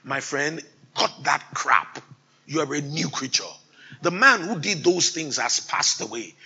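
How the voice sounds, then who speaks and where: Man, sermon, gravelly husky voice, animated pitch, emphatic preaching. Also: measured pace, low-quality recording. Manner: rising to loud emphatic exhortation, mimics timid believers.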